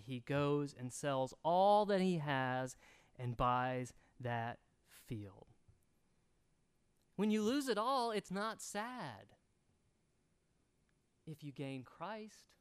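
A pastor preaching an earnest sermon that swells loud and then drops soft. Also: male voice, high voice.

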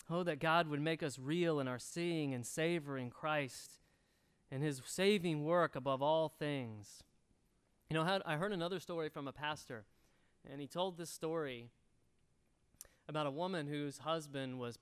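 Male pastor, raised pitch, smooth clear tone, earnest sermon delivery. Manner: earnest preaching, swells loud then drops soft.

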